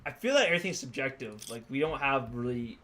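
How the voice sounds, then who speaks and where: A man's voice: mid-range voice, lively intonation, fast talker, bright, forceful tone. A man in his twenties commentating a game, rambling and musing with lots of fillers. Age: 20s. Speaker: let's play host. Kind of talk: casual gaming commentary.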